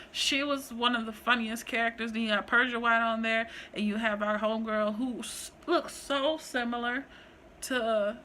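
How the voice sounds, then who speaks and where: Bright chatty woman vlogger. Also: fairly high pitch. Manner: chatty, animated, slangy, rambling. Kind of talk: casual chat, ranking list.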